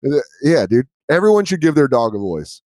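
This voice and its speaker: Animated man telling stories. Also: medium pitch, fairly quick, no echo, studio quality. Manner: animated storytelling, casual swearing. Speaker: podcast host. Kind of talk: casual chat.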